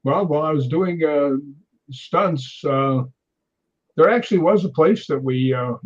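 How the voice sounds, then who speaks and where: An older man in his sixties, a guest on an interview show, tells tales with a somewhat high voice. He slips into other people's voices and laughs as he goes. The sound is muffled and lo-fi. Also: unhurried. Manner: animated storyteller who acts out quotes and laughs often. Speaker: guest, stuntman. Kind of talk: storytelling interview.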